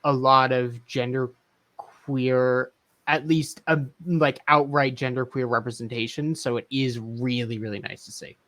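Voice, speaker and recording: A man's voice: mid-range voice, steady tone, measured pace, fairly bright tone. A man co-hosting a podcast in casual chat, hesitant and thoughtful, often hedging with fillers. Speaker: podcast co-host.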